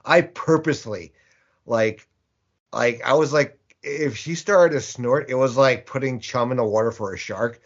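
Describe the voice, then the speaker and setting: A man's voice: medium pitch, a little slow, highs cut off. A man co-hosting a podcast, telling rambling anecdotes in casual chat and repeating words as he searches for them. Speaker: podcast co-host.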